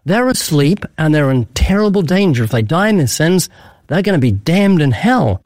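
Urgent preaching man, higher voice. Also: big pitch swings, normal speed, a little mellow, no room sound. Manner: urgent storytelling with acted-out dialogue. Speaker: evangelist guest. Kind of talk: earnest preaching in an interview.

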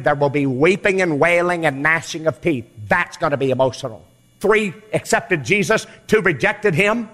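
Fiery revival preacher man, reverberant hall. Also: mid-range voice. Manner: fiery, shifts from quiet to shouting. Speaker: evangelist preacher. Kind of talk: revival sermon.

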